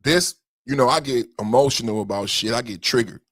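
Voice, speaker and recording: A man's voice: medium pitch, fairly quick, hardly any pauses, fairly bright tone, no room sound, studio quality. A man hosting a podcast in heated livestream commentary, emotional and profane, repeating himself and answering chat commenters directly. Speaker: podcast host.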